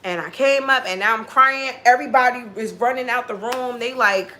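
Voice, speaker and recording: A woman's voice: fairly high pitch, normal speed, bright, forceful tone, a little hiss or hum. A woman telling a personal story in a casual monologue, blunt and full of swearing, acting out what people said. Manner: blunt and heavily profane, acting out quoted dialogue.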